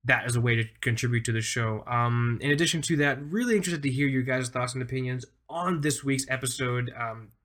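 A man's voice: mid-range voice, fairly bright tone. A man in his thirties co-hosting a casual podcast, rambling enthusiastically with lots of fillers. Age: 30s. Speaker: podcast co-host.

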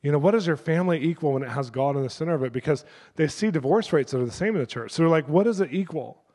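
A middle-aged male pastor preaching a sermon through lively personal stories, acting out the people in them. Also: on the high side, racing, big-room sound. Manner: animated, acts out the people in his stories. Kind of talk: sermon storytelling.

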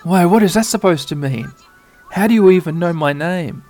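A storyteller voicing an excitable, curious boy hero who speaks in startled exclamations. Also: medium pitch, normal speed, soft background music, natural voice.

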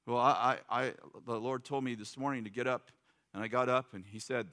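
A man's voice: mid-range voice, fairly even intonation, brisk, sharp tone. Middle-aged guy preaching, chatty and jokey, acts out the quotes. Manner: conversational, joking, acts out quotes. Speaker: pastor. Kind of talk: sermon.

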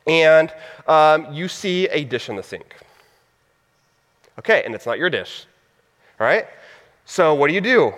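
A man's voice: fairly high pitch, big-room sound. A man preaching in a conversational way, acting out everyday scenes with quoted voices. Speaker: pastor. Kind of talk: sermon.

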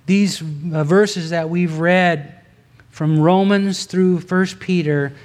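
A man's voice: high voice, steady tone, takes it slowly, darkish tone. A man preaching a sermon in an earnest, conversational way, rising in force for emphasis. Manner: conversational with asides and restarts. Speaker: pastor.

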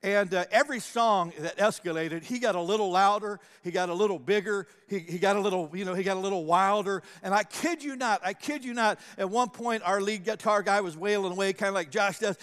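Animated pastor preaching in a reverberant hall. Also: male voice, high-pitched. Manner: animated storytelling, acts out quotes. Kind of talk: sermon with personal story. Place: church sanctuary. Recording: long church hall reverb.

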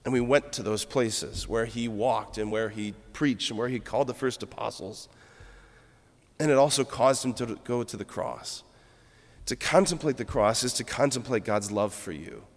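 Earnest priest preaching in a reverberant church. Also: male voice, medium pitch, moderate pace. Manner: earnest, reflective, storytelling. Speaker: Catholic priest. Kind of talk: homily.

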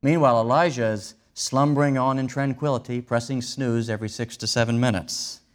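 A man's voice: medium pitch, fairly even intonation, a little fast. A man preaching a sermon, explaining a scripture passage in a wry, conversational way with vivid retellings. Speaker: pastor.

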